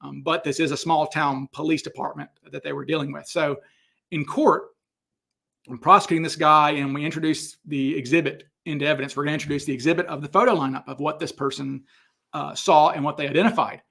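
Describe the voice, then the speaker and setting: A middle-aged man with a gravelly voice pitched a bit high hosts a casual question-and-answer stream. He tells stories in an animated way, stopping and restarting often with plenty of fillers. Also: brisk. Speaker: host answering viewer questions. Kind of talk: casual livestream Q&A.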